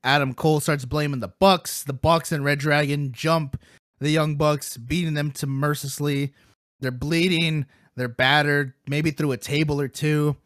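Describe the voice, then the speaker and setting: A man hosting a podcast in casual chat, excitable, rambling and playfully brash, eating while he talks. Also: a little high, moderate pace, dry recording, studio quality. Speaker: podcast host.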